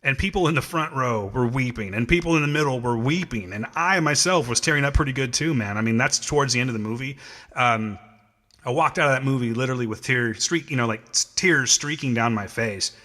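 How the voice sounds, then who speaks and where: Rambling man with bright voice. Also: mid-range voice, fairly quick, long reverb tail. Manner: rambling, with many restarts and fillers. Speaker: podcast co-host. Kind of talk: casual chat.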